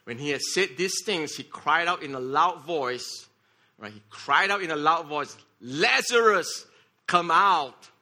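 Bright-voiced man preaching a sermon. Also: on the high side, lively intonation, moderate pace. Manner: repeats words, checks in with "okay?" and "right?"; leads the congregation in shouting together.

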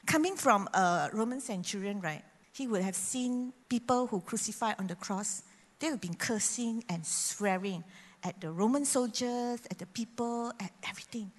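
A woman preacher, giving a sermon and acting out quoted voices with sudden loud bursts. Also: fairly high pitch, moderate pace. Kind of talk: sermon with prayer. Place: church hall. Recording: long hall reverb.

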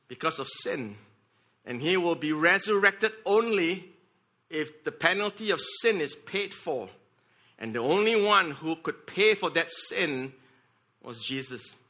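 A man preaching a sermon, often repeating words and checking in with the congregation by asking "okay?" and "right?". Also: on the high side. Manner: leads the congregation in shouting together.

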